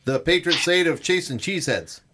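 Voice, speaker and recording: A man's voice: a little high, animated, a little fast, heavy background noise. A man teasing and joking in a casual radio chat.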